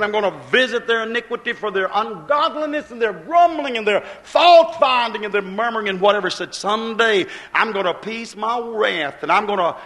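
A male preacher delivers a sermon in folksy, plain-spoken dialect. His voice sits high and bright, and he acts out the scripture voices, dropping low and then rising loud as he quotes God.

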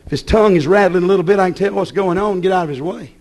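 High-voiced scolding preacher. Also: male voice, racing. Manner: folksy, scolding, swings from loud to low. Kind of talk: sermon.

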